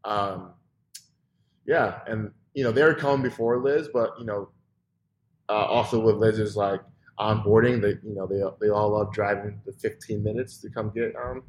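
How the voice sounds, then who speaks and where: A man, a restaurant owner, chatting casually as a podcast guest, loose and full of fillers, often trailing off quietly. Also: on the low side, fairly even intonation, normal speed, a little hiss or hum. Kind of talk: casual interview chat.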